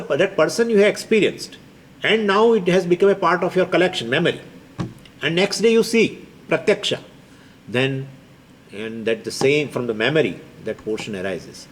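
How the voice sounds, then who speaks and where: A man's voice: a little high, slight background noise. A man giving an emphatic spiritual discourse as a Vedanta teacher, repeating key points. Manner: animated and emphatic, with laughs and repetition.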